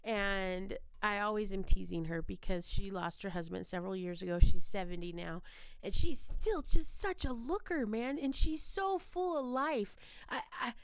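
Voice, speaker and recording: A woman co-hosting a podcast, chatting casually and telling a long story in an animated way, acting out the voices of the people in it. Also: mid-range voice, normal speed, smooth, dry recording, clean studio sound. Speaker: podcast co-host. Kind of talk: casual chat.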